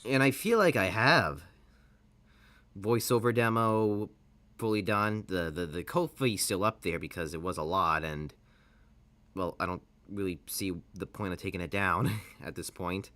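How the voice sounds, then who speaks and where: A game streamer chatting casually on a livestream, rambling and restarting sentences often, with lively swings in energy. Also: sits low, measured pace, no echo. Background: game music.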